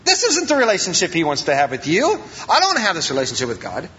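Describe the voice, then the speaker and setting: Male pastor, casual humorous sermon delivery; high bright voice on a muffled lo-fi recording. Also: fast talker. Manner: animated and joking, acting out quoted voices. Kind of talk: informal sermon.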